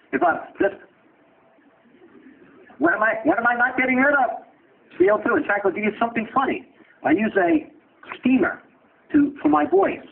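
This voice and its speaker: A man teaching a medical class who asks quick questions and answers them himself, with blunt joking asides. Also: very high voice, gravelly. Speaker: medical lecturer. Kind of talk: lecture with questions to students. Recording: tinny lo-fi lecture recording with faint hiss.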